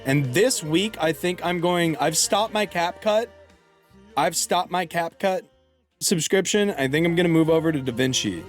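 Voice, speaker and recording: A man streaming live with casual, excitable chat, yelping and swearing when things go wrong. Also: a little high, moderate pace, faint music behind. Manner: excitable, yelps and swears at mistakes.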